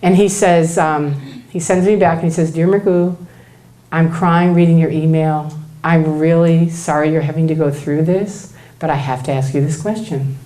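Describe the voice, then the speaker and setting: A woman's voice: low-pitched, steady tone, moderate pace, dark tone. A middle-aged woman telling a personal story to an audience at a talk, animatedly acting out the dialogue she quotes. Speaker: speaker at a talk. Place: event room before an audience.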